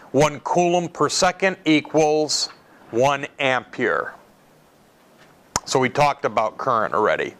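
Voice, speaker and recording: A man's voice: fairly high pitch, a bit bright, slight background noise. A man lecturing an evening electronics class in a classroom, talking conversationally, repeating key terms and putting questions to his students.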